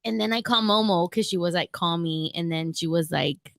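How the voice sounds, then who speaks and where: A woman's voice: lowish voice, normal speed, creaky, a bit bright, no room sound. A woman co-hosting a podcast, telling profane stories with lots of laughter in casual chat. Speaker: podcast co-host.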